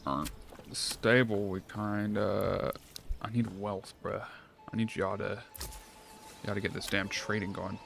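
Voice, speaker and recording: Low-voiced dude cussing his way through a city builder, talks to himself, music under it. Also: a little slow, gravelly, pauses often, background noise. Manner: profane, excitable, thinking aloud. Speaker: gameplay streamer. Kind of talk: casual let's-play commentary. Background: game music.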